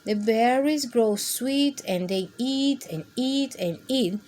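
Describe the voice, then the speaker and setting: A woman reading picture books aloud to children with a gentle, expressive storytime manner. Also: on the high side, slow pace. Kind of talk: read-aloud storytime for kids.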